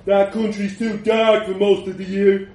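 A man's voice: sits high, little pitch movement, unhurried, dark tone, far from the mic. A man voicing a mocking, scornful British hustler. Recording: roomy, from the mic.

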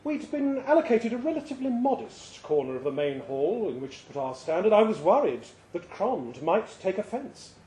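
A man giving a lively, expressive live reading of a short story at a pub event. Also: high-pitched, normal speed, hardly any pauses, a little hiss or hum. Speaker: reader. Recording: roomy live venue sound.

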